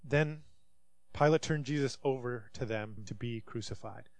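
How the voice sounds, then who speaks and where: A man's voice: mid-range voice, measured pace, no echo. Pastor preaching a sermon, man. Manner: reads scripture aloud and voices quoted speakers dramatically.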